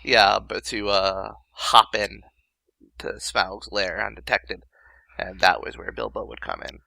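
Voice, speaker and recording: A young man chatting on a movie commentary, halting and stammering through his points. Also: on the low side, fairly even intonation, gravelly, pushed and bright, dry recording, poor audio. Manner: halting, stammers and restarts, laughs at himself. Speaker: commentary co-host. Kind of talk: casual movie commentary chat.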